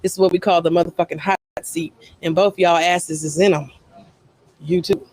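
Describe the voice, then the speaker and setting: A man's voice: sits high, steady tone, moderate pace, a little mellow, dry recording, low-quality recording. A man hosting a radio show, brash and joking, laughing often in raunchy casual banter. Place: radio studio.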